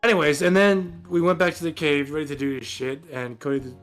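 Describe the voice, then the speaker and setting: A man's voice: fairly high pitch, steady tone, quick pace, fairly bright tone, soft background music. A young man casually recapping a tabletop game as game master, rambling and cursing as he jokes. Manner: rambling, profane, jokey storytelling.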